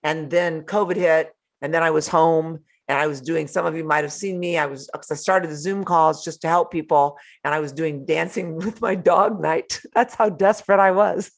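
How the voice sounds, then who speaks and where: An older woman hosting a live motivational talk from home, animated and playful, laughing often between remarks. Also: low-pitched, normal speed, few pauses. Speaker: host.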